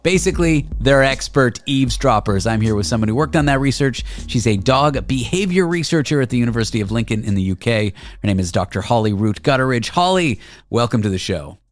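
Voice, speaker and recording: A man hosting an interview show, curious and joking, with a lively, animated way of talking. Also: medium pitch, fairly quick. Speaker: radio show host. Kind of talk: interviewing a guest.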